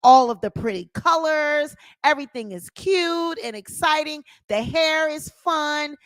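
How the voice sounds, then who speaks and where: A woman's voice: high-pitched, lively intonation, measured pace, a bit bright, no room sound. A woman hosting her own channel, giving sassy, opinionated celebrity gossip commentary and calling her viewers honey.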